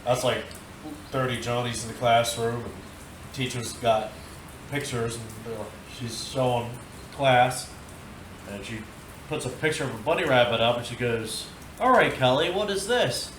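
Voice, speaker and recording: A man's voice: medium pitch, a little slow, roomy sound, slight background noise, poor audio. A young man chatting casually as a podcast co-host, swearing and telling jokes. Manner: animated, profane, tells jokes. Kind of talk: casual chat and joke-telling.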